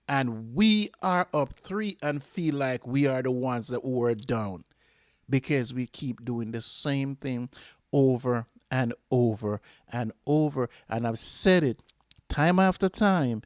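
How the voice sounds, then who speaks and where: A Jamaican man hosting a fan channel, giving an impassioned match reaction that repeats itself and flares up before calming. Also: medium pitch, no room sound, studio quality. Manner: impassioned, repeats himself, flares up then calms.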